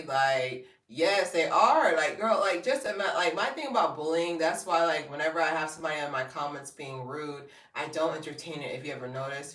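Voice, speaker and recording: A woman, chatting live to viewers as a hair and fashion vlogger, telling animated stories and laughing often. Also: recorded from a distance. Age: 30s. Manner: animated storytelling, jumps high when quoting people. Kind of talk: casual live-stream chat. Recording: roomy, set back from the mic.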